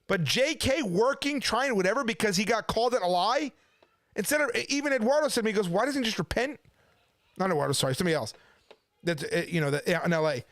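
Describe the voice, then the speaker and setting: Indignant man, high voice, swooping pitch, rhetorical questions, casual rant, dry sound. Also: big pitch swings, fast talker, fairly bright tone, dry recording. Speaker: preacher and channel host. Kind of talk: casual ranting commentary. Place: home kitchen.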